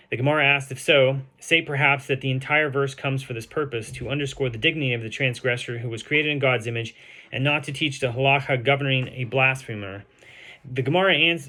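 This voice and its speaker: A man reading a translated Talmud page aloud and explaining it, slowing down to sound out the Hebrew and Aramaic terms, with frequent ums and uhs. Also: mid-range voice, bright, forceful tone. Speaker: Talmud teacher.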